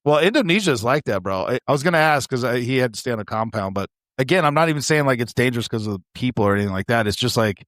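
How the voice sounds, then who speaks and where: Fast-talking profane podcast host, man. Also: mid-range voice, animated, a bit bright, no room sound, studio quality. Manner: profane, joking, fast banter. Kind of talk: casual chat. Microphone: remote call.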